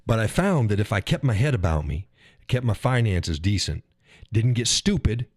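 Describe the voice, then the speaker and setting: Breathy-edged and fairly low in pitch, a man talks at a normal speed while hosting his own live stream. His political rant is casual, animated and full of swearing as he plays the parts of frustrated drivers, recorded at studio quality without echo.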